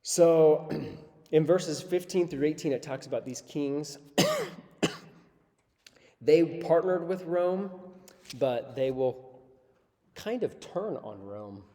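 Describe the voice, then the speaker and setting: Mellow-voiced man teaching Bible study. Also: a little high, lively intonation, slow, pauses often. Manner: casual, checks in with listeners. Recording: long hall reverb.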